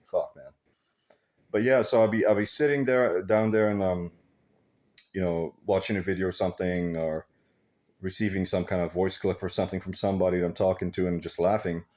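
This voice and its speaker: A man's voice: sits low, darkish tone. A man talking in a casual, rambling vlog monologue, swearing freely and laughing often. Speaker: vlogger.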